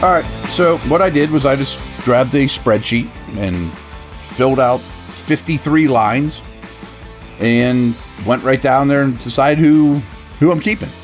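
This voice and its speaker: A man's voice: mid-range voice, a little slow, soft background music. A man hosting a solo football analysis podcast, talking through his roster picks in a casual, conversational way, thinking aloud as he goes. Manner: upbeat read of a sponsor ad. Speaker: podcast host and football scout.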